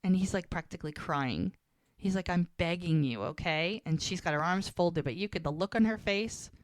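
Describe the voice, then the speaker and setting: A woman co-host recaps an episode in casual podcast chat, voicing each character's lines as she retells the scene. Her voice sits a little low and the recording is dry, with no room sound. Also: brisk, no room sound. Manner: animated retelling, acting out both characters' lines.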